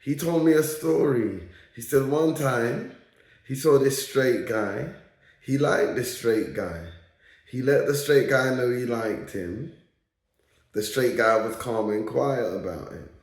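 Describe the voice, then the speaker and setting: Slow-talking man in an echoey room. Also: medium pitch. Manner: repeats lines for emphasis, tags phrases with "yeah?". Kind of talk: casual storytelling monologue.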